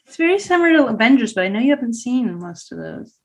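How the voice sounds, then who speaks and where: Relaxed woman in casual chat. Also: a little high, quick pace. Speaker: podcast co-host. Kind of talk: casual film discussion.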